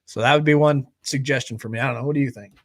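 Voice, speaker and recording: A man hosting a live recovery stream in a loose, joking, animated way. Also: medium pitch, very fast, dry recording. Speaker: host. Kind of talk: casual live-stream chat.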